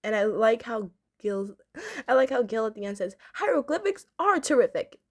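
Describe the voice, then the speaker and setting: A woman in her twenties reviewing a cartoon episode in a casual, excitable way, gushing and repeating herself as she talks. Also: medium pitch, moderate pace.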